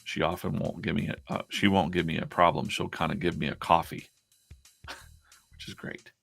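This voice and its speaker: A man's voice: deep voice, flat delivery, moderate pace, vocal fry, fairly bright tone, soft background music. A man hosting a casual live stream as a comic artist, chatting in a rambling way with many restarts.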